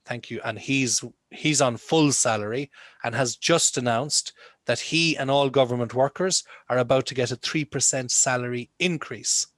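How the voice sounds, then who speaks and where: A man's voice: medium pitch, moderate pace, a bit bright. A male English teacher leads a lesson over a video call, asking his students questions in a conversational way. The sound is dry and close, with no room echo. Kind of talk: online lesson.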